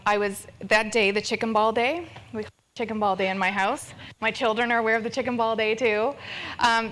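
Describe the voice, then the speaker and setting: Speaking at a fundraiser, this Ontario woman in her thirties shares an open, self-mocking story from her life onstage in front of an audience, breaking into frequent laughter. Her mid-range voice is a bit bright, and some faint background noise comes through.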